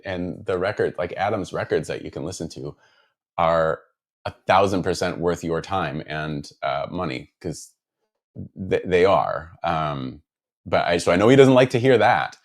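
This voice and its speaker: Guy with a low voice rambling in his guitar shop while gluing stuff, lots of ums and restarts. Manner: rambling, self-deprecating, lots of fillers and restarts. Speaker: guitar builder. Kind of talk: casual chat while working. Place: guitar workshop.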